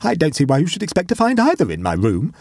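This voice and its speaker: A man voicing a plump, peevish, fussy young gentleman who speaks in a shrill, fretful tone. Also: huge pitch swings, quick pace, gravelly, no room sound, clean studio sound, heavily acted. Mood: shrill, indignant.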